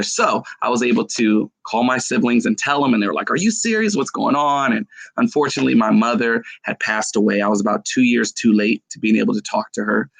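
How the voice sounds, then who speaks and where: Emotional man with a gravelly voice. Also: on the low side, dry recording, poor audio. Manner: emotional, heartfelt storytelling. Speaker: live streamer. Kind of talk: casual live-stream chat.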